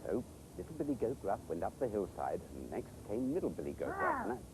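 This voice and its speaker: A man presenting children's TV, telling a story in a playful, animated way. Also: on the low side, brisk, gravelly, noisy background.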